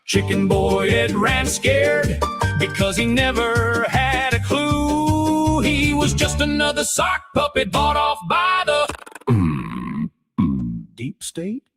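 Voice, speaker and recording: A woman's voice: sits high, fairly even intonation, slow pace. A woman singing a mocking parody song over music.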